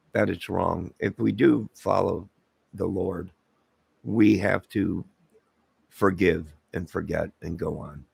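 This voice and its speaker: A man's voice: sits low, no echo. A man hosting his own channel, talking in a rambling, casual commentary monologue full of fillers and asides. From Illinois. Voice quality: very gravelly, husky voice. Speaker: channel host.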